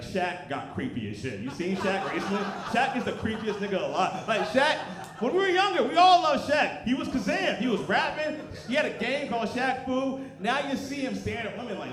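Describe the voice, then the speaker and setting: A man in his thirties performing a profane, animated stand-up comedy set on a club stage. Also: high voice, fairly quick, hardly any pauses. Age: 30s. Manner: animated, profane, loud punchlines. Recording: roomy live club recording with crowd. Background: audience laughter.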